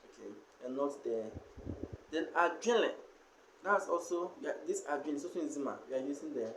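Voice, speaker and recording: A man teaching a language lesson, slowly sounding out and repeating each syllable and word. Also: on the high side, expressive, a bit bright, slight background noise. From Ghana. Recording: echoey room.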